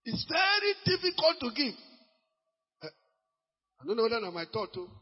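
A high-voiced Nigerian man preaching, his slightly husky tone ringing in a long church-hall reverb. The recording is muffled and dull. He drifts into Pidgin and breaks into sudden shouts to drive points home. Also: unhurried, long pauses. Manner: animated preaching mixing Pidgin, bursts of shouting. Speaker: pastor. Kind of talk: sermon.

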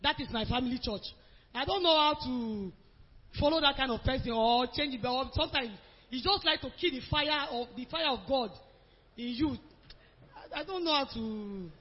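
A woman's voice: high voice, moderate pace, husky. A woman asking her pastor a question, earnest and hesitant with many fillers. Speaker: congregation member asking a question. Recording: echoey hall, dull lo-fi sound.

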